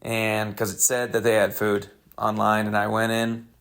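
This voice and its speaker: Gravelly-voiced man telling rambling stories. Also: on the low side, moderate pace. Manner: rambling, deadpan, crude jokes. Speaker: comedian podcast host. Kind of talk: casual storytelling monologue.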